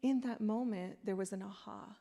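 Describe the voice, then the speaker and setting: A woman's voice: medium pitch, moderate pace, gravelly. Woman giving a candid sermon. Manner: candid, conversational, animated storytelling. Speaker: guest speaker. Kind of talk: sermon with personal stories. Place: church sanctuary.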